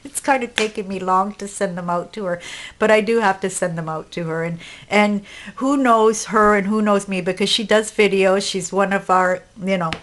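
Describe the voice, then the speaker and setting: A woman's voice: medium pitch, moderate pace, slight background noise. Breathless, rambling woman vlogger. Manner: rambling, hesitant, many fillers and restarts. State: short of breath. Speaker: crafting vlogger. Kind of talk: casual show-and-tell vlog.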